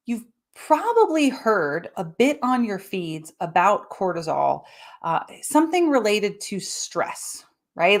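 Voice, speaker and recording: A woman hosting a live-streamed health podcast, explaining things in a lively way and acting out quick little voices for her examples. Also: mid-range voice. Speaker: podcast host.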